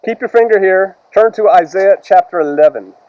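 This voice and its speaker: A man preaching a sermon as pastor, reading scripture slowly and loudly, then retelling it in casual words. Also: high-pitched, lo-fi sound, slight background noise.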